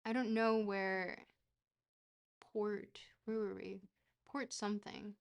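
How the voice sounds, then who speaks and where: A woman's voice: medium pitch, takes it slowly. A woman streamer chatting casually while playing a geography guessing game, rambling and poking fun at herself. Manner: rambling, self-mocking, bursts into excited shouts.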